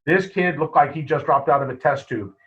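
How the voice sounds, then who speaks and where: A man, a wrestling coach, telling stories in a casual interview, lively and full of quoted dialogue. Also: a little high, a little fast, slightly rough. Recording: muffled lo-fi podcast audio.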